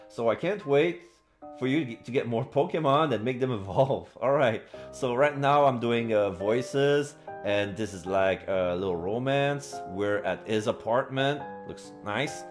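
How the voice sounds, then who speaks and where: A male streamer chatting casually with viewers on a live stream, halting with many fillers and quick bursts of excitement. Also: mid-range voice, soft background music.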